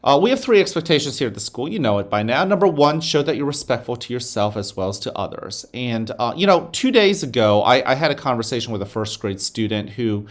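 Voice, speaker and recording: Soothing, animated school principal. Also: male voice, mid-range voice. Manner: slow, soothing guided breathing, then upbeat announcements. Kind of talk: morning announcements with guided breathing.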